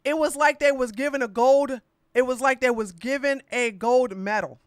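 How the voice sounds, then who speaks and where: A woman's voice: sits high, moderate pace, dry recording, clean studio sound. Sassy, blunt woman podcast host. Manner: blunt, sassy and mocking, slangy, talks straight at the audience. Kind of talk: casual political commentary.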